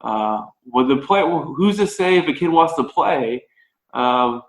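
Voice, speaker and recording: An American baseball coach appears as a guest on a podcast interview, speaking in a mid-pitched voice at a measured pace. Relaxed and conversational, he works through his ideas aloud, and his voice echoes in a roomy space.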